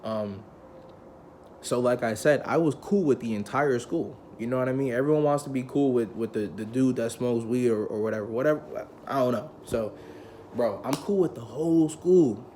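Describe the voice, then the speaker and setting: A man's voice: medium pitch, normal speed, slight background noise. A young adult man telling a personal story in casual, slangy talk, swearing often and acting out the people he quotes. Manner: heavy profanity, slangy, loose and conversational; animated, acts out quoted people.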